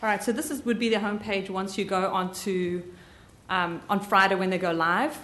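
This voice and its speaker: A woman with a slight Southern US drawl giving a live software training, chatty and full of ums and self-corrections. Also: mid-range voice, fairly even intonation, moderate pace.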